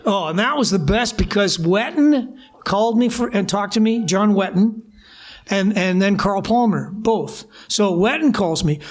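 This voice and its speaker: An older man from Canada, a guest musician, telling lively anecdotes at a live interview and acting out old phone calls. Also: sits high, a little slow. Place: live bar venue with audience.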